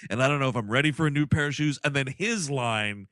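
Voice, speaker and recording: A man's voice: mid-range voice, fast talker, dry recording, clean studio sound. A man co-hosting a comedy podcast, casually joking about a film and acting out its lines in mock voices. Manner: animated, mock-quoting characters in silly voices. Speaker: podcast co-host. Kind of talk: casual comedic movie-review chat.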